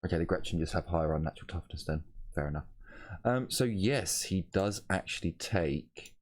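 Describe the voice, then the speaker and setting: A man with a very low voice runs a tabletop game session. His delivery rises and falls a lot, loose and rambling, and he often stops to correct himself. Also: moderate pace. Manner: relaxed, rambling, self-correcting. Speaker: game master.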